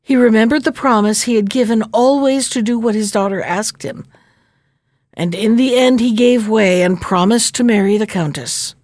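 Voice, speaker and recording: A woman narrating a fairy tale in a gentle, measured reading voice. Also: on the high side, dry recording, clean studio sound.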